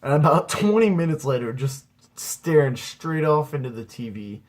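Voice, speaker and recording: Here a young man doing amateur stand-up tells a meandering, funny story about himself, repeating "dude" constantly. His voice is a little high and expressive, moving at a normal speed.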